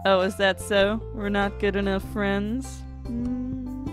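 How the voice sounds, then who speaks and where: A woman's voice: medium pitch, steady tone, slow, music in the background. A woman commenting while playing a farming game, joking and swearing freely. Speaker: gamer. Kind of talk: let's play commentary.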